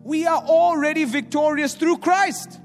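High-voiced preacher in an echoing hall. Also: male voice, measured pace. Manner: animated, acts out voices of doubters, swings from loud to hushed. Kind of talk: sermon. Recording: echoey hall with faint music.

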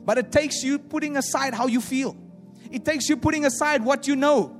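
At normal speed, a high-voiced male preacher gives an energetic sermon that booms across a large, reverberant hall, with faint music in the background. He impersonates doubters and moves back and forth between loud pronouncements and quiet asides.

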